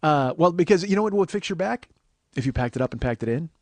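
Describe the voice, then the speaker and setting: A man's voice: fairly high pitch, lively intonation, quick pace, darkish tone. A man hosting a comedy podcast, rambling in casual chat, making fun of himself and slipping into silly voices. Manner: rambling, self-mocking, slips into silly voices. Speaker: podcast host. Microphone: close studio mic.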